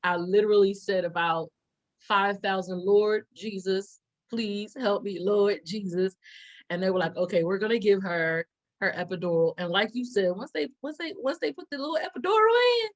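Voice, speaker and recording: A young adult woman co-hosting a podcast, telling a story in a lively way and acting out the quotes. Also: medium pitch, a little fast, muffled recording. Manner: animated storyteller, acts out quotes with loud laughs. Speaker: podcast co-host. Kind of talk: casual storytelling chat.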